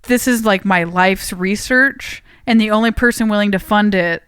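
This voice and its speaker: Smooth-voiced podcast co-host recapping plot. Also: mid-range voice, moderate pace, a bit bright, no room sound, studio quality. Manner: recaps the plot eagerly, with many filler "like"s. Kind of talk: casual chat.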